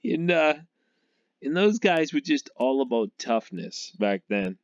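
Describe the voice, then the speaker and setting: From Massachusetts, a sports fan vlogger gives a rambling, casual take on football, breaking into laughter often and trailing off as he goes. His voice is mid-range and very animated, at a measured pace. The recording is echo-free but dull and lo-fi.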